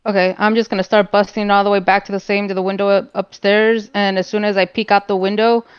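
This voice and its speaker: A woman's voice: mid-range voice, flat delivery, fast, clear, resonant tone, no echo, lo-fi sound. A woman playing a tabletop game, thinking aloud and asking questions, over online voice chat. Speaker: player.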